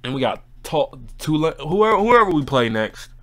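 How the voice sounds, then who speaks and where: Upset man ranting with lively pitch. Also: unhurried, soft background music. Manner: frustrated, profane ranting to viewers. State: upset and heated. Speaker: sports reaction vlogger. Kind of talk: casual fan reaction rant.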